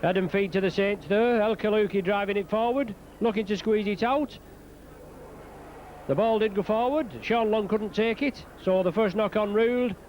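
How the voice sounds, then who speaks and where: Guy commentating rugby league live, high pitched voice, quick name-calling, bit of faint street noise behind. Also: a little mellow. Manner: brisk play-by-play calling names, lifting at scoring moments. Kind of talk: live play-by-play sports commentary.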